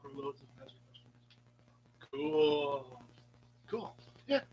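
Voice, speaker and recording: A man's voice: on the high side, expressive, slow, pauses often, a little mellow, breathy edge, poor audio. A man hosting a casual live chat with viewers, meandering and playful, with many ums and restarts, sometimes dropping to a whisper. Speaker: live stream host.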